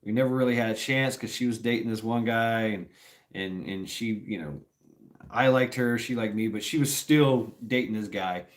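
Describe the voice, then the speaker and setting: A man's voice: on the low side, normal speed. A man, a former Marine, telling a story to a live audience in a rambling, profane way with lots of fillers.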